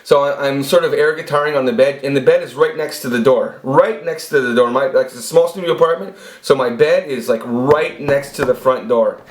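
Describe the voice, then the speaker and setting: A man's voice: mid-range voice, a little fast, few pauses. A man telling a rambling, profane personal story with lots of restarts, as a channel host. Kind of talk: casual storytelling monologue. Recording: echoey room.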